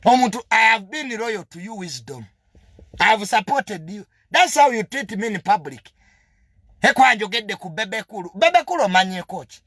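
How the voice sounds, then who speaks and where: A young Ugandan man rants defiantly, his high voice leaping up and down with indignation. He sounds bright and sharp, switching languages mid-sentence, recorded close and dry with no room sound. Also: dry recording. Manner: mixes two languages. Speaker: media personality. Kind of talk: heated monologue.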